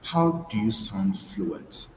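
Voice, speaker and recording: A man with a fairly low voice gives a webinar lesson. He restates each point and often stops to restart with fillers. The room sounds roomy, with a faint hiss behind him. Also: very animated, takes it slowly. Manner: repeats key points, frequent fillers and restarts. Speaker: IELTS tutor. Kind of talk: webinar lecture.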